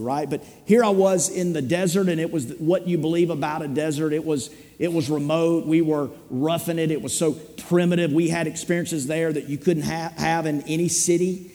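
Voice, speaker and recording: Warm-voiced pastor in a reverberant hall. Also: male voice, a little high, normal speed. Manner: rambling, self-deprecating humorous storytelling. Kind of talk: sermon with storytelling.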